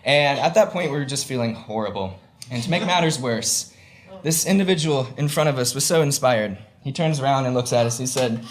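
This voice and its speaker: A man's voice: medium pitch, lively intonation, normal speed. A young man telling a personal story on stage before an audience, rambling with lots of fillers and poking fun at himself. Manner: rambling, filler-heavy, self-mocking humor.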